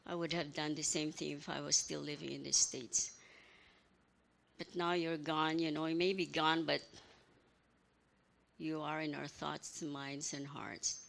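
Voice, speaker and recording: An older woman giving a halting, emotional memorial speech as a grandmother, full of apologies and small stories. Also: low-pitched, little pitch movement, creaky, a bit bright. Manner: halting, apologetic, tells little anecdotes.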